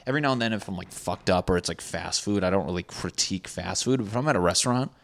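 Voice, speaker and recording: Deep-voiced man ranting with sarcasm. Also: quick pace. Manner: profane, sarcastic, mocks others in put-on voices. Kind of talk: casual rambling monologue.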